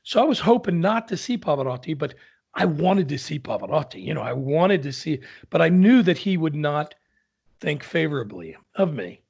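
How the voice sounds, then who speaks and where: Man, opera singer, animated storyteller, somewhat high voice, gravelly. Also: normal speed, highs cut off. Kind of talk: casual anecdote in a conversation.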